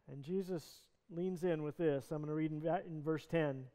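A man's voice: fairly high pitch, steady tone, normal speed, hardly any pauses, dark tone. A male pastor preaching a sermon, retelling a scripture story in earnest, conversational words. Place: church sanctuary. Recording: long reverb of a church hall.

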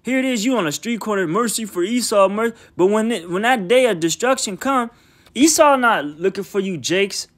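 High-voiced man preaching scripture bluntly. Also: lively intonation, moderate pace, a bit bright. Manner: reads verses then riffs in blunt slangy profane talk; emphatic, repeats filler "man". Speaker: bible teacher. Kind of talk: informal scripture teaching.

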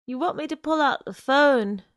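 A woman's voice: high-pitched, moderate pace, no room sound, studio quality, pitched above the performer's own voice, lightly acted. A woman reading aloud, voicing a dull-witted young male sidekick who asks blunt questions.

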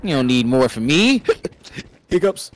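A man's voice: medium pitch, sing-song, measured pace, slight background noise. A man with a mid-range voice that jumps around expressively. He jokes and teases casually while playing. Faint game gunfire sounds behind him. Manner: playful, joking. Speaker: gaming friend. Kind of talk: casual gaming chat.

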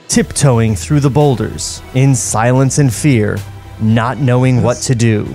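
A man reading the stage directions aloud in a comedic table read, steady and plain with dry asides. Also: mid-range voice. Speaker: script reader and narrator.

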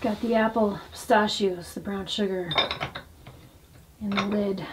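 A woman vlogging in a small cabin, relaxed and unhurried, sometimes dropping to a whisper and talking softly to her dog. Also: medium pitch, background noise. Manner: drops to a whisper at times. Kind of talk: casual vlog narration. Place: small off-grid wooden cabin, indoors.

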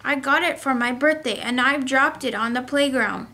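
An indignant young schoolboy from a storybook, as a woman reads him aloud. His voice is fairly high and insistent. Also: normal speed, sharp tone. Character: young schoolboy upset over his camera.

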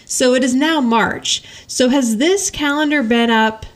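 Woman, podcast co-host, casual recap chat, slightly high pitch, laughs often. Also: unhurried, a crowd in the background. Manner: animated, quotes characters in paraphrase, laughs often.

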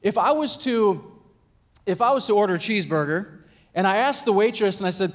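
A pastor preaching a sermon in a conversational way, acting out little scenes and asking "right?" and "Amen?". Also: male voice, high-pitched, fast. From United States. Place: church hall.

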